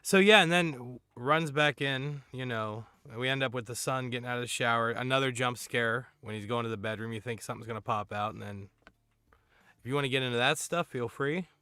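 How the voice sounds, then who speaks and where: A man's voice: medium pitch, brisk, sharp tone, clean tone, no room sound. A man hosting a live stream, talking in a laid-back way and reading out viewer comments. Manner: laid-back, reads viewer chat aloud. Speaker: host. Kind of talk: casual chat on a live stream.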